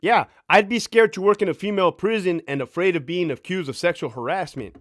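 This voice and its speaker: Streaming casually from home, a man in his thirties laughs, curses freely, brags and answers chat comments directly. His voice is high-pitched and brisk, recorded dry at studio quality.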